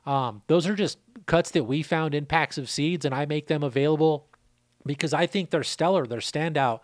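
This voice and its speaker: Speaking at medium pitch, a channel host who breeds seeds casually answers a viewer question, swearing now and then and reeling off figures. The recording is clean, studio-quality, with no room sound.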